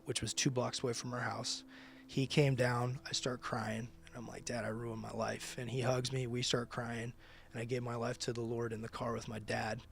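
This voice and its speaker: A man's voice: mid-range voice, flat delivery, moderate pace, creaky, slight background noise. A man who leads a ministry, telling his personal testimony in conversation with emphatic, casual storytelling. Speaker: ministry leader.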